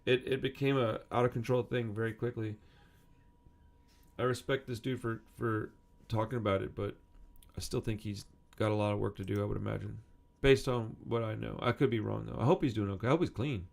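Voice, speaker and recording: Speaking briskly with a fairly low, steady, creaky voice, this punk music video host in his thirties rambles casually. He reads out quotes from a magazine article, cursing frequently along the way.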